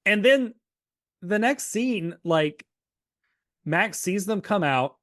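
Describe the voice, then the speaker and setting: A man with a high, light voice co-hosts a podcast, recapping an old TV episode in loose, animated chat. He laughs often and slips into the characters' lines as he goes. The sound is close and dry, with no room around it. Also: slow, no room sound. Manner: animated, laughing, acts out quotes. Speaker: podcast co-host.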